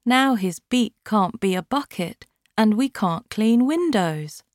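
A woman's voice: mid-range voice, lively intonation, slow pace, dry recording, clean studio sound, voice pushed up. A sad little monkey, read by a woman. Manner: sorrowful, slightly raised voice.

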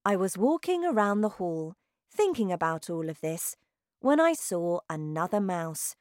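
Woman reading a storybook slowly, dry close sound. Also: fairly low pitch, sing-song, darkish tone, no room sound. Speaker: storybook narrator. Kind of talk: scripted narration.

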